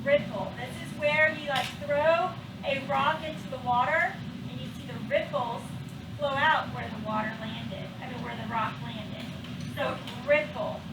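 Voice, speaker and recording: A woman's voice: high-pitched, noisy background. A woman teaching a classroom phonics lesson, patiently drawing out the sounds of each word. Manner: patient, drawn-out sounding of words. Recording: echoey classroom from far off.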